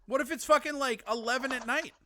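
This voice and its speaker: A man with a high, bright, forward voice hosts a casual live show. He teases his caller and swears freely as they banter. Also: quick pace, a little hiss or hum. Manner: profane, teasing. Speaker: livestream host.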